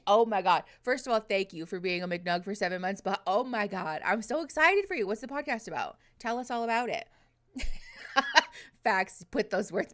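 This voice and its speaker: A woman's voice: medium pitch, a bit bright. Giggly, chatty woman streamer. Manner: chatty, giggly, swears casually, lots of "like" fillers. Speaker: livestream host. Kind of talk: casual livestream chat with viewers. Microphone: close desk microphone.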